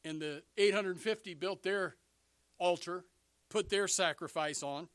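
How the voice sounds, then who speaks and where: A man preaching a sermon, animated, swinging between loud bursts and hushed asides. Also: high voice, measured pace, dry recording.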